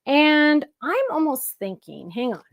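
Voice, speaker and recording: A woman with a high voice hosts a live-streamed craft demonstration. She keeps up a chatty, playful patter with her viewers in the chat while she works at her table. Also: sing-song, measured pace, creaky, dull audio. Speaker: crafting show host.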